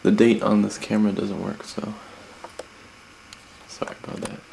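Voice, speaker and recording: A man's voice: fairly low pitch, flat delivery, normal speed, vocal fry, a little mellow. A man giving a rambling house tour with wry asides, recorded on a 1990s camcorder at home. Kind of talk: casual handheld house tour. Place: family house, indoors and garden. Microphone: camcorder built-in mic. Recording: noisy 1990s camcorder audio.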